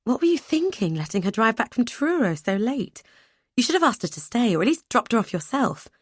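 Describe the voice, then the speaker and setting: A woman's voice: fairly high pitch, big pitch swings, brisk, no room sound, studio quality, pitched above the performer's own voice. A woman voicing a brusque, dutiful adult brother who talks bluntly and matter-of-factly in an audiobook. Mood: curt.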